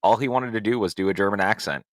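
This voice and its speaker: A man's voice: lowish voice, fast, no echo, clean studio sound. A middle-aged man co-hosting a casual film review podcast, enthusiastic and laughing often. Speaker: podcast co-host.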